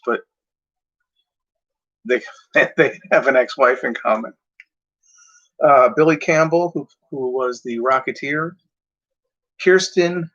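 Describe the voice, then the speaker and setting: This video host has a higher-pitched, fairly bright voice and chats casually to the camera about his own content. His delivery wanders, hesitant and packed with fillers and corrections of himself. Sound quality is dull lo-fi.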